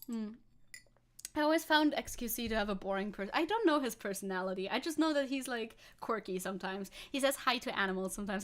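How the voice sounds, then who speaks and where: A woman's voice: a little high, animated, brisk, a bit bright. Giggly young woman chatting on stream. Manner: giggly, rambling, reads chat aloud. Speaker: VTuber streamer. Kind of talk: casual live-stream chat.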